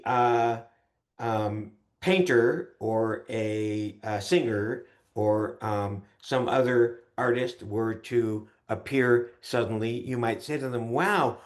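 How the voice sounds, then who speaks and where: A man teaching an online class in a chatty, relaxed way, pausing often with ums and uhs. His voice sits in an ordinary middle pitch. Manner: chatty, with many fillers and hesitations.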